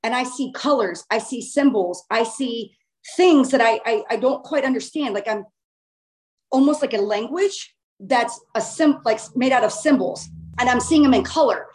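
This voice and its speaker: Chatty woman with a fairly high voice. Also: normal speed. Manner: animated, informal, swears casually. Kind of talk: casual storytelling of a dream.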